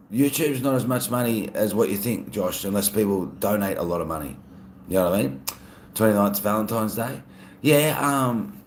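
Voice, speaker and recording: A man's voice: lowish voice, roomy sound, slight background noise. A man with an Australian accent, chatting casually on a live stream and reading out viewer comments. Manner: relaxed, chatty, laughs often.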